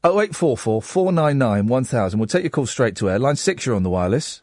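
A man in his forties hosts a late-night radio phone-in, speaking quickly in a medium-pitched voice. He's chatty and self-mocking, trading lively banter with the studio team.

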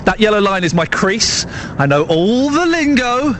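A man hosting a live outdoor radio segment, excitable and jokey. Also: high voice, moderate pace, background noise. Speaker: radio host. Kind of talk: live outside broadcast chat.

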